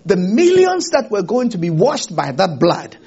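A man preaching a sermon in a theater, animated, laughing often and asking the congregation rhetorical questions. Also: sits high, a little slow, husky, highs cut off. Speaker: pastor. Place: theater used for a church service.

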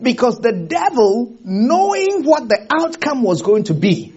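A man preaching a sermon in a theater, animated, laughing often and asking the congregation rhetorical questions. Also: extremely high pitch, a little slow, breathy edge, lo-fi sound. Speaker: pastor. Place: theater used for a church service.

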